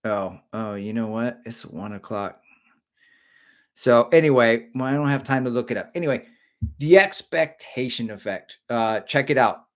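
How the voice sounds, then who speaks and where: A middle-aged man chats on a live stream at an ordinary pitch. He jokes and rambles, drifting from one aside to the next between viewer comments. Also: normal speed. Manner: joking, rambling, reads viewer comments aloud. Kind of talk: casual live-stream chat.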